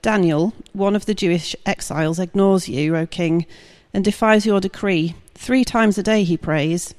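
A woman's voice: medium pitch, normal speed, darkish tone, in a large hall, lightly acted. A woman reading scripture aloud, voicing a group of scheming male court conspirators in a plain, lightly voiced way. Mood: flattering.

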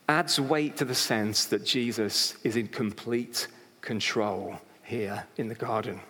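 A man preaching a sermon to a live congregation, conversational and lively, with humorous asides and acted-out quotes. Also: medium pitch. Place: hall with congregation. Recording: long reverb in a hall.

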